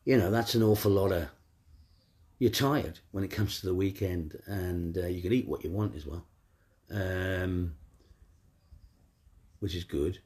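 A man tells a personal story. His voice is low and mellow. He rambles in a wry, offhand way, full of fillers and restarts. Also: a little slow, long pauses.

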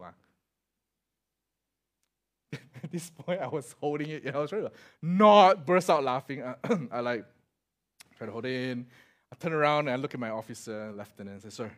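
A middle-aged Singaporean man preaching a sermon, telling stories and acting out the voices, swinging from loud to quiet. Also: fairly high pitch, moderate pace, long pauses. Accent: Singaporean English. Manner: animated, acts out voices in anecdotes, swings loud to soft. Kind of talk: sermon with storytelling.

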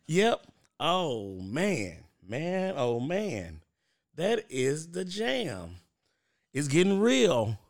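A man in his thirties runs a solo podcast, speaking straight to his listeners in a relaxed, chatty way and calling them "y'all." His voice sits a little high and is very animated, with drawn-out words, frequent restarts and plenty of fillers.

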